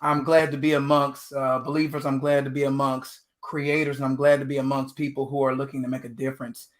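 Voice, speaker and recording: A man from Texas giving an energetic motivational talk as a guest speaker on a video call panel. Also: medium pitch, fairly quick. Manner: energetic, preacher-like delivery.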